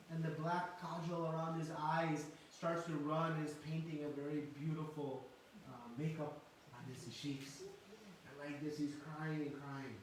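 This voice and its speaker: Casting: male storyteller-preacher, slightly high voice, recorded far off in a very echoey hall with faint hiss. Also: a little slow. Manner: animated storyteller, acts out quotes, varies volume. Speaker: speaker giving a religious class. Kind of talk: storytelling sermon.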